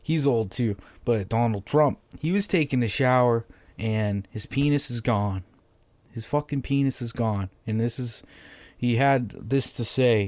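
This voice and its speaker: A man hosting a casual solo podcast from home, monotonous and deadpan sarcastic, swearing freely into a microphone on a stand. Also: medium pitch, a little slow, no room sound. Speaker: podcast host.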